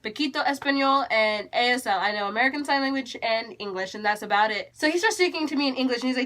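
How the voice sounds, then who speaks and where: A teenage girl from Texas telling a storytime vlog in an animated, chatty, exasperated way. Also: fairly high pitch, fast, few pauses. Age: teens. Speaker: YouTuber.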